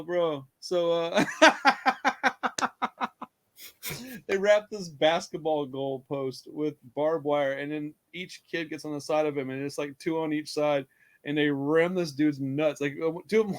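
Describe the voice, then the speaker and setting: Male podcast co-host, casual and excitable, foul-mouthed, frequent laughter, slightly high voice. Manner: excitable, swears a lot, laughs often, acts out scenes. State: hyper and tired. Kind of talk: casual movie review chat.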